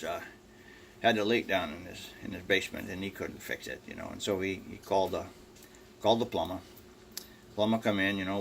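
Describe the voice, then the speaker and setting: An older man with a low, gravelly voice tells farm jokes at home, wandering through his stories with plenty of "uh" and "you know." He jumps into the voices of his characters as he goes. A faint hiss sits under the home camera recording. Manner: rambling, many fillers, acts out characters. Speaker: joke teller. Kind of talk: folksy joke telling. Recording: faint background noise.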